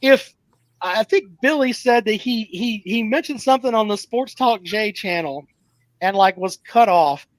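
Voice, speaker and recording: A man's voice: high voice, unhurried, no room sound, rough recording. A man hosting a casual sports talk show with callers, blunt and profane.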